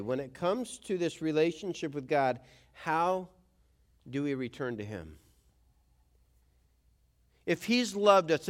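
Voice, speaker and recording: Pastor, male, high tenor register, chatty sermon delivery with acted-out quotes. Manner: conversational, acts out quoted voices.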